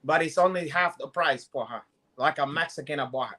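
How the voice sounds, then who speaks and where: A man with a Brazilian Portuguese accent, a podcast co-host trading goofy jokes and loud impressions in casual banter. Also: a little high, fairly quick. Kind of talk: joking banter.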